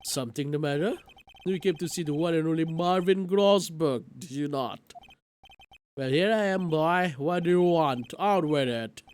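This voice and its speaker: A man's voice: on the high side, normal speed, a little mellow, close to an everyday voice. A man voicing a pompous, blustering older male lawyer from a video game, with a grandiose, theatrical delivery.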